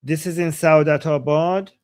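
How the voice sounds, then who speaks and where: A man with a slightly raised voice runs through clips on a live stream, translating chants and breaking into excited exclamations. His voice comes through a video call with loud noise hissing behind it. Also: on the high side, normal speed. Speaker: guest commentator.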